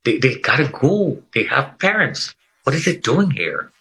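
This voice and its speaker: A man's voice: medium pitch, wildly swooping pitch, measured pace, pushed and bright, low-quality recording. A middle-aged man telling his life story in conversation, earnest and emphatic, repeating phrases for weight. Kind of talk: personal testimony in conversation.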